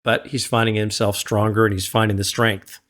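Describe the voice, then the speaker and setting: A man hosting a music reaction video, gently advising the viewer like a mentor into a desktop studio mic. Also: lowish voice, level tone, normal speed. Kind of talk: casual reaction commentary. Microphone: desktop USB studio microphone.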